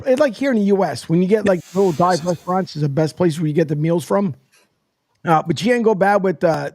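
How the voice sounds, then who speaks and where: A man co-hosting a sports radio show, laughing often and telling animated stories in casual banter. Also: sits high, no room sound, studio quality. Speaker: co-host.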